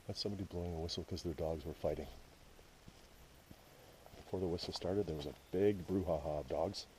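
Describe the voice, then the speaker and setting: A Canadian man with a very low, deep voice talks to his action camera as he walks a wooded trail. He is wry and grumbles about the signs, chatting casually. A faint hiss of outdoor noise sits behind him. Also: fairly quick, mellow. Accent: Canadian English. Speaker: hiking vlogger. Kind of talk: casual narration while hiking.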